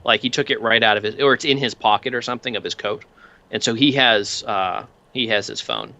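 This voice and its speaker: A man's voice: fairly low pitch, animated, a little fast, gravelly, sharp tone. A man narrating a tabletop game as game master, describing scenes loosely with many fillers.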